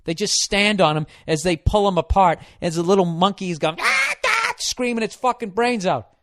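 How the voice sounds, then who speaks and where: A man hosting his own podcast, going off on a foul-mouthed comic rant, exasperated and swearing freely. His voice sits a bit high, and the sound is dry and close to the mic. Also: fairly quick, a bit bright, no echo. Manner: profane, ranting, exasperated. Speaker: podcast host. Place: hot room.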